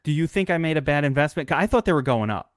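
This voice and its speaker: Brief: opinionated male podcast co-host with a lively, swinging pitch and a dry, close sound that swears a lot. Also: fast, no room sound. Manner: opinionated, animated, swears freely, stammers on restarts. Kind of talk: casual fantasy sports chat.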